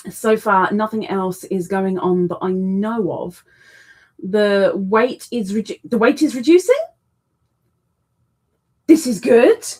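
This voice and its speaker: A woman hosts a relaxed crafting live stream, greeting viewers by name and reading their comments aloud. Her voice sits a little high, and she takes her time with each phrase. She keeps cooing fondly to a pet in between. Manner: chatty, greets viewers and reads chat messages aloud; coos affectionately to her cat between greetings. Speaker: crochet live stream host. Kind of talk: casual live stream chat.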